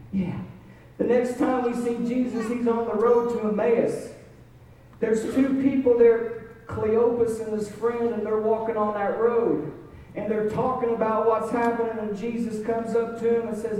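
This preacher has a high-pitched, warm voice with fairly even intonation and a measured pace. He tells the sermon's story dramatically, his voice rising and falling. The sound is echoey and distant, with a little hiss or hum.

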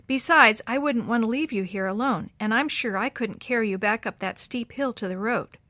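A woman voicing a gentle, faithful elderly grandfather in a storybook read-aloud, talking in a steady, reassuring way. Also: fairly high pitch, moderate pace, dry recording.

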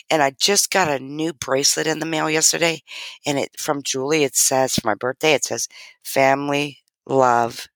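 A woman's voice: low-pitched, a bit bright, no echo. A middle-aged woman telling a heartfelt personal story as a guest in an interview, talking earnestly. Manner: earnest, heartfelt, acts out quoted dialogue. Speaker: guest sharing her story.

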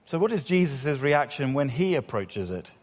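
A man preaching a sermon, swinging between loud appeals and hushed, slow passages. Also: mid-range voice, very animated. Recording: long hall reverb.

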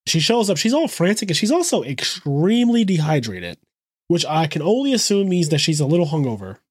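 A man with a fairly high voice recaps a show on a podcast, loose and profane. He acts out the characters' lines as he goes. The sound is dry and close. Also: sing-song, brisk, husky, no echo. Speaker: podcast co-host.

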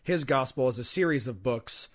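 A man's voice: medium pitch, expressive, normal speed. A young man co-hosting a casual podcast, rambling loosely with lots of fillers and teasing asides. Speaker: podcast co-host.

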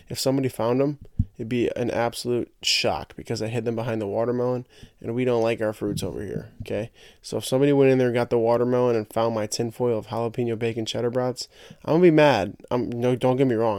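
A young man talks loosely to his podcast listeners, jokey and rambling, and he stumbles into repeated words now and then. His voice sits at an ordinary middle pitch. The sound is close and dry, with no room around it. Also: darkish tone, dry recording. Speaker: podcast host. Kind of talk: casual solo chat.

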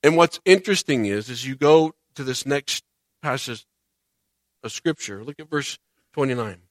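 A man preaching a sermon as a pastor, animated, swinging between loud and soft and acting out quoted voices. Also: mid-range voice, moderate pace, dry recording.

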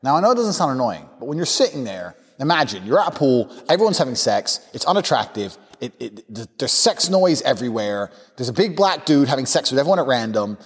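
A man's voice: medium pitch, very animated, fairly quick, hardly any pauses, big-room sound. A man hosting a podcast, telling a casual story bluntly and crudely, breaking into impressions. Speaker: podcast host. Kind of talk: casual anecdote.

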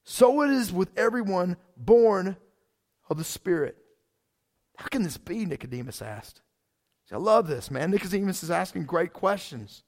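A man's voice: high-pitched, expressive, moderate pace, a little mellow. A male pastor preaching a sermon in a casual, fired-up way, often saying "man".

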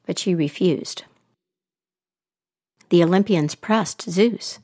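A woman storyteller recounts a myth with an animated, expressive delivery. Her voice sits fairly low and she shapes each line for the listener. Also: slow.

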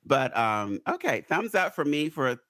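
Lively, animated man hosting a podcast. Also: a little high, a little slow, no room sound, studio quality. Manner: animated storyteller, acts out voices. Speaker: podcast host. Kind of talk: casual chat.

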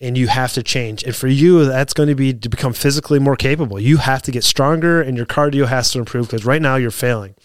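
A man's voice: medium pitch, quick pace, few pauses, smooth, no echo, studio quality. A man, a fire officer, giving an earnest motivational talk built on stories from training new firefighters, often restarting his sentences. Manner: earnest, repeats and restarts, gets heated retelling.

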